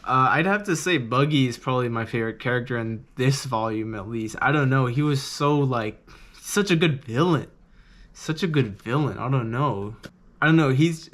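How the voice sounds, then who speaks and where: A man's voice: mid-range voice, fairly bright tone. A young man casually reviewing a manga, rambling and swearing loosely in a laid-back way.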